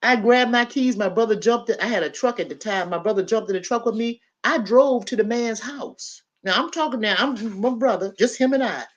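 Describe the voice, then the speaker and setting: Lady telling a wild story on a panel, lively, gets loud when quoting. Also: on the high side, brisk, hardly any pauses, lo-fi sound. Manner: animated, builds to loud acted-out quotes. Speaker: panel guest. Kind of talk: storytelling in casual chat.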